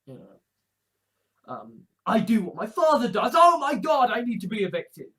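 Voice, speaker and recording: A man's voice: high-pitched, sing-song, measured pace. A man ranting in a blunt, emotional monologue, swearing freely as an online preacher.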